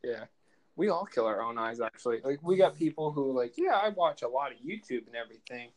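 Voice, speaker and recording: A man's voice: medium pitch, lively intonation, fairly quick, low-quality recording. A young man co-hosting a casual podcast chat, rambling and laughing often. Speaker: podcast co-host.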